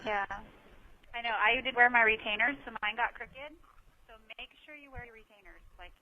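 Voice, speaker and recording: A woman's voice: on the high side, fairly even intonation, moderate pace, phone-quality sound. A woman in her thirties chatting on a video call, gushing and full of filler words. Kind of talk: casual chat over a video call.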